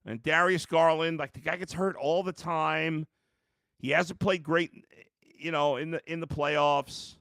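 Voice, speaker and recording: A man hosts a live-streamed sports reaction podcast, sounding worn out and exasperated as he reads fan comments aloud, blunt and profane. His voice is a little high, fairly bright and smooth, with fairly even intonation and a measured pace. The sound is studio quality, with no echo.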